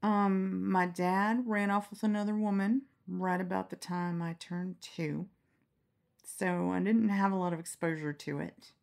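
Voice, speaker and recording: A middle-aged woman telling candid stories in a relaxed interview, frank and quick to laugh, acting out the lines she quotes. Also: on the low side, vocal fry. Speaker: storyteller guest. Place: lying down in a quiet room.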